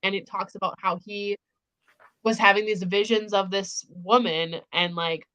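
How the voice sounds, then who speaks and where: A woman's voice: medium pitch, steady tone, measured pace, fairly bright tone, low-quality recording. A young woman hosting a casual livestream book discussion, gushing about a book with lots of filler words. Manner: gushing, filler-heavy "like" talk. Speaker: booktube host. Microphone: livestream microphone.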